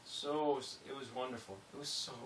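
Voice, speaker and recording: A young man vlogging casually, rambling and self-mocking, swinging between low mumbles and sudden loud bursts. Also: brisk, slight background noise. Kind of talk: casual vlog monologue. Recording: roomy echo, a bit distant from mic.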